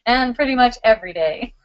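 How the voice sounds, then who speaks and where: A middle-aged woman hosting a live spiritual question-and-answer stream, talking in a warm, giggly, loving way. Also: sits high, lo-fi sound.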